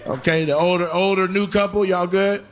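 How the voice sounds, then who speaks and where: A man's voice: sits high, fairly even intonation, a little fast. A man doing stand-up crowd work on a club stage, brashly and profanely teasing audience members into a handheld mic. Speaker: stand-up comedian. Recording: noisy live club recording.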